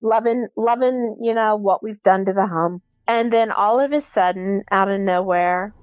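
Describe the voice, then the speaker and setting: Animated woman telling a ghost story. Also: medium pitch, normal speed, no room sound, muffled recording. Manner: animated, acts out quoted dialogue. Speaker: guest recounting a haunting. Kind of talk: podcast interview storytelling.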